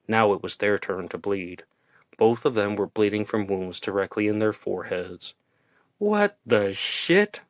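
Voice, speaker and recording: A man reading a first-person thriller audiobook in a tense, measured storytelling manner. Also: fairly low pitch, no room sound. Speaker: audiobook narrator.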